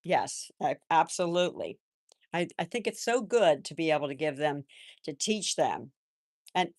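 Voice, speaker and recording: Gentle older woman, low voice. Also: lively intonation, normal speed, no room sound, clean studio sound. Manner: gentle, rambling, answers viewers' comments. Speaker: livestream host. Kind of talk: casual live-chat talk.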